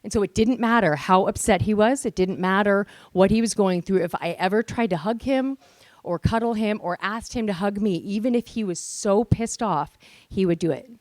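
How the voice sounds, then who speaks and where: A woman's voice: mid-range voice, moderate pace, no echo. A woman in her forties giving a motivational speech at a women's event, telling a candid personal story with earnest emphasis. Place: event hall with live audience.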